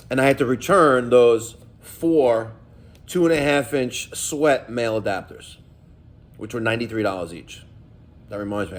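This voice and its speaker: A middle-aged man, a plumbing contractor telling stories and giving advice in a casual, emphatic, profane vlog rant. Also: mid-range voice.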